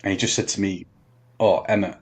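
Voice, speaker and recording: A man telling a long story on a podcast, halting with many ums and restarts. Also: deep voice, steady tone, darkish tone, husky. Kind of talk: casual storytelling chat.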